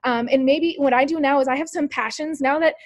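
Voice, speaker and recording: This team leader on a sales call has a high, steady voice and talks fairly quickly in a dry recording. She runs an upbeat motivational session, addressing listeners directly with plenty of rhetorical questions and frequent "like" and "you guys."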